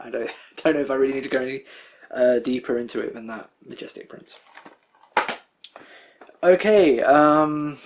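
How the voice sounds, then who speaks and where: A man's voice: mid-range voice, slight background noise. Man, young adult, casual haul vlog, rambling, filler-heavy, laughs to himself. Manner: rambling, many fillers, chuckles often. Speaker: anime collector showing a disc haul.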